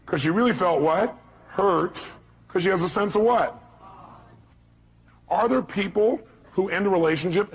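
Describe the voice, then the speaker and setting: A man's voice: sits high, slightly rough. A man giving a motivational speech to a live audience, emphatic and firing rhetorical questions at the crowd. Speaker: motivational speaker.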